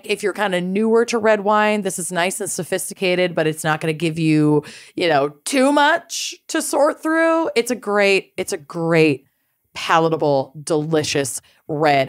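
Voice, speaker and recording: A woman's voice: fairly low pitch, clean tone. A woman co-hosting a podcast, talking in an upbeat, promotional way. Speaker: podcast co-host. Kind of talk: casual chat.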